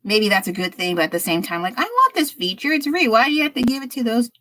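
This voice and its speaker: A woman's voice: on the high side, sing-song, fast, bright, forceful tone, dry recording, rough recording. A woman chatting casually on her art livestream while painting, a little under the weather, rambling with sighs and laughs.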